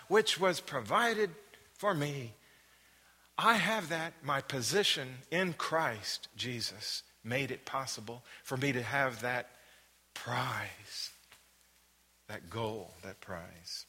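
A man's voice: medium pitch, expressive, slow pace, pushed and bright, husky, in a large hall. A man leading a Bible study, reading verses aloud, asking the listeners questions and repeating phrases for emphasis. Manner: reads scripture aloud then asks the listeners questions.

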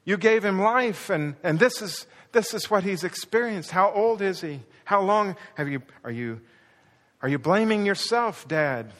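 A male pastor preaches a sermon with passion, his voice sitting high and fairly bright as he speaks a little slowly and expressively. He acts out the quoted lines with rising intensity, and the recording carries a long hall reverb.

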